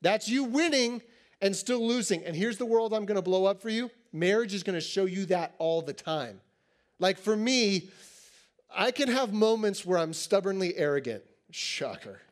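A man in his thirties preaching to teens in a joking, animated way, acting out little scenes. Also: sits high. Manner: animated, joking, acts out quotes. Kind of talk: sermon to teens.

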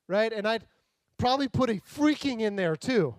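A man's voice: sits high, normal speed, dry recording. A man preaching a casual, jokey sermon, acting out the characters in the stories. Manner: animated, jokey, acts out voices. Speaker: pastor.

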